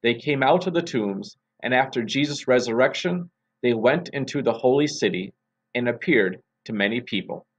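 A man, a pastor, reading scripture aloud and opening a devotion in a measured, deliberate way. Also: mid-range voice, animated, husky.

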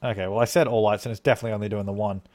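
A man's voice: lowish voice, fairly even intonation, racing, darkish tone. A man from Australia streaming a game live, thinking aloud as he plays and thanking viewers for donations. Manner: rambling, thinking aloud while playing. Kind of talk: live gameplay commentary.

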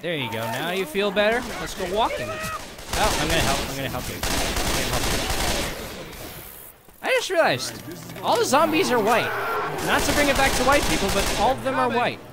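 A man's voice: high-pitched, huge pitch swings, brisk, long pauses, heavy background noise. A man hosting a gameplay video, chatting casually and cracking goofy jokes as he plays. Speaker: gaming channel host.

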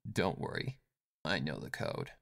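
A man voicing a cool, low-spoken female agent. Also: normal speed, vocal fry, dry recording, clean studio sound. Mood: confident. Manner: low, hushed, self-assured.

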